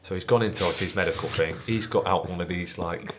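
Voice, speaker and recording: Man, young adult, deep and quick, profane guest storyteller. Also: noisy background. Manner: swears often, laughs through his own story. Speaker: ex-professional footballer guest. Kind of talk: casual podcast storytelling.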